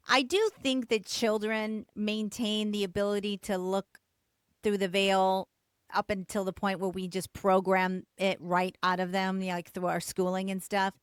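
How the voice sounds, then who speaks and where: A woman hosting a podcast in a relaxed, chatty way, with lots of "like" and "man". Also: medium pitch, unhurried, clear, resonant tone, dry recording, clean studio sound. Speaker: podcast host. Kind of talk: casual chat.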